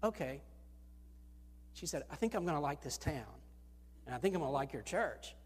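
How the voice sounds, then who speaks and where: Pastor, male, slightly high voice, earnest sermon delivery, long church hall reverb. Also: normal speed, breathy edge. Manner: earnest, storytelling with lively rises. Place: church sanctuary.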